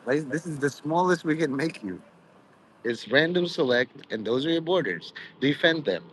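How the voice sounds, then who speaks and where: A man's voice: a little high, lively intonation, moderate pace, fairly bright tone, slight background noise, low-quality recording. A man talking in a meandering, profane monologue, full of "you know" and jumping between mock-preachy asides. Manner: mock preachy, drifts into quoted voices. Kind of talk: rambling monologue.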